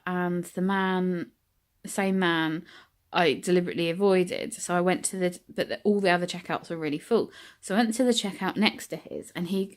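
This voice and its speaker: A British woman telling stories casually to her own camera as a vlogger, with frequent ums and likes. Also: lowish voice. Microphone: camera she sets up herself.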